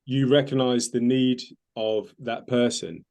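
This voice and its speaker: A man's voice: medium pitch, fairly even intonation, unhurried, creaky, a little mellow. A man, a medium hosting a casual talk, speaking earnestly and reflectively with many fillers. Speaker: host, medium.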